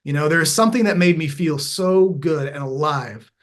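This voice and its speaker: On a podcast, a man whose voice is on the high side talks at a moderate pace about his own life, candidly and with earnest reflection. He is a veteran turned mindfulness coach who often starts his phrases over and livens up when acting out earlier moments.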